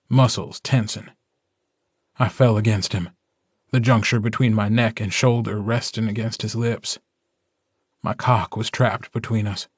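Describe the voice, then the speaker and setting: A man narrating an audiobook in the first person, reading slowly and deliberately with emotional swells. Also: lowish voice, dry recording, clean studio sound.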